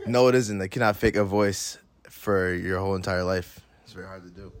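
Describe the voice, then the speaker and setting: A young man sits in as a guest on a casual chat show, talking in an easygoing, joking way. His voice sits very low, deep and steady. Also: brisk.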